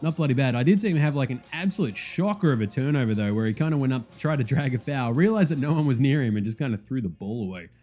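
Animated, sweary host, lively pitch, light music bed. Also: male voice. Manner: animated, profane, fast rambling. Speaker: podcast host. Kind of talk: casual sports chat.

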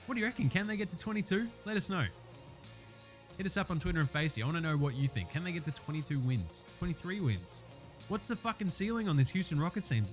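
A fired-up man talks through his picks in a loose, profanity-laced rant, his voice sitting a little high for a man. Faint guitar music plays quietly behind him. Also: sing-song, fast talker. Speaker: sports podcast host. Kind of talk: casual game-picks commentary.

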